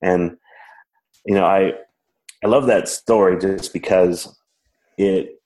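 Brief: low-voiced man, lively self-mocking storyteller, roomy echoey recording. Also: slow. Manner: animated, self-mocking, laughs while telling. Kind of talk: casual personal storytelling. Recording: roomy echo.

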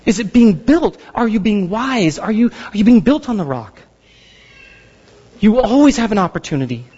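A man in his thirties preaching a sermon as pastor, telling stories with animated, playful outbursts. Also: high voice, moderate pace, husky. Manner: animated storytelling, acts out frustration with loud outbursts. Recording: dull sound with long hall reverb.

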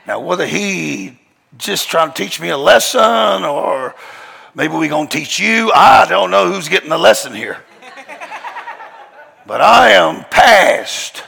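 Folksy, gravelly preacher man in a hall. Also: a little high, pushed and bright. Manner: folksy, emphatic, drawling with slang. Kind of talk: storytelling sermon. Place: large church hall. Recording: long hall reverb.

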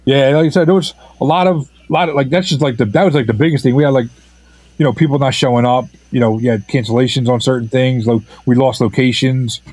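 A filmmaker being interviewed, who talks in a halting, casual way, full of fillers and restarts. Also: male voice, mid-range voice, fairly even intonation, a little mellow, slightly rough, dry recording, rough recording. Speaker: filmmaker guest.

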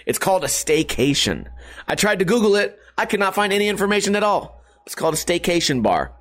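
A man's voice: sits high, very animated, quick pace, fairly bright tone. A man, rambling and joking profanely as a streamer talking to his webcam at home. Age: 30s. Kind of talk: casual rambling vlog. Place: hot house. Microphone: webcam setup at home.

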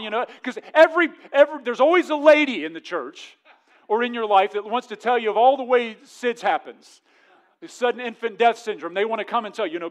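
A man in his thirties preaching a sermon as pastor, swinging from loud animated storytelling to hushed, earnest pleading. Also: high-pitched.

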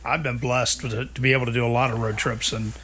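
A man talking with friends in a relaxed conversation. His voice is bright and forceful at a middle pitch, and he speaks encouragingly, dropping "man" into his sentences. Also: fast talker. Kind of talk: casual group chat.

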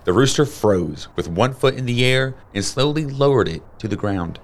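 A man's voice: mid-range voice, normal speed. Man reading a children's story aloud. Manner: steady, plain storytelling. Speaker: storybook reader.

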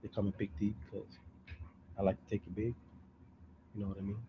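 A man putting on a low, hushed mock radio DJ voice as a boastful self-promoting announcer. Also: level tone, fast, muffled recording, noisy background, natural voice. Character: smooth-talking male radio DJ self-promoter.

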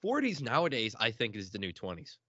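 A man from the Midwestern US hosting a casual interview podcast, animated and quick to laugh, acting out quoted voices. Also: on the low side, no room sound. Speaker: podcast host. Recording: dull lo-fi dry audio.

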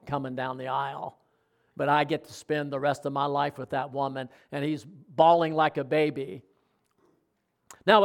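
Middle-aged male pastor, high voice, chatty sermon delivery with questions to the room. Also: a bit bright. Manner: conversational preaching with audience questions.

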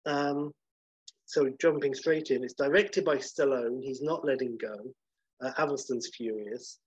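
A man co-hosts a podcast in an animated, chatty way, his speech full of fillers. His voice is husky and sits mid-range. The audio is muffled and lo-fi. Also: mid-range voice, measured pace. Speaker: podcast co-host. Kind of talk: casual chat.

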